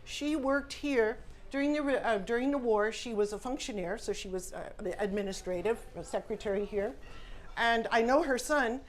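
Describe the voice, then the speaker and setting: A woman's voice: fairly high pitch, normal speed. Earnest woman author telling stories. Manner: earnest, conversational, many "you know" asides. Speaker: author speaking at a salon event. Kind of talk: casual storytelling talk. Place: event room, indoors.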